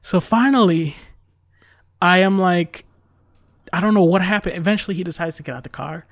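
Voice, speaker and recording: A man with a slightly high, gravelly voice tells a long, rambling story in casual chat. He leans on "like" and "uh", swears now and then, and sounds exasperated. The sound is close and dry. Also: normal speed, no room sound. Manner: rambling, filler-heavy, exasperated retelling with swearing.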